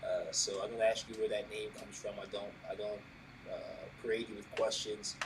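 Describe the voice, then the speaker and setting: A man hosting a casual podcast, talking in an animated way, throwing questions to his co-host and calling him bro. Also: fairly low pitch, a little fast, background noise. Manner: animated, says "bro" and "right?" often, asks questions.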